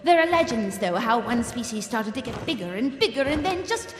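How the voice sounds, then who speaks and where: An actress playing a genteel, enthusiastic dragon breeder in a live radio play. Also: female voice, a little high, animated, fairly quick, background noise, lightly acted. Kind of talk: live radio theatre acting. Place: stage in a large hall. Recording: echoey hall recording with music behind.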